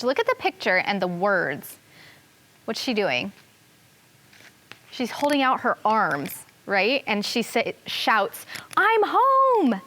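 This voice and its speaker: A woman teaching a television classroom lesson for young children, reading a picture book aloud with expression and then explaining gently. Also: mid-range voice.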